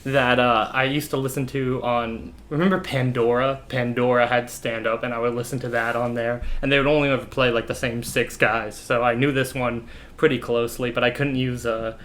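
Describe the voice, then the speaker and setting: A man's voice: mid-range voice, little pitch movement, moderate pace, fairly bright tone. A man in his late twenties giving wry, self-critical commentary on his old stand-up set. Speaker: comedian reacting to old footage. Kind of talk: casual commentary.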